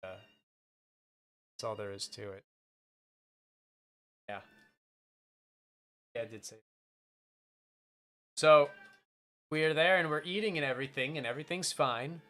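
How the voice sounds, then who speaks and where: A man's voice: on the high side, lively intonation, a little slow, long pauses, fairly bright tone. A man streaming, chatting casually and telling a rambling story with many restarts. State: voice changed by a bite on the throat.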